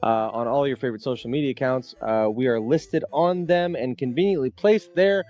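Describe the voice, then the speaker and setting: A man's voice: medium pitch, fairly quick, a little mellow. A man in his thirties co-hosting a podcast, giving a wry, mock-formal outro. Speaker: podcast co-host. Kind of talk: casual chat and scripted show outro.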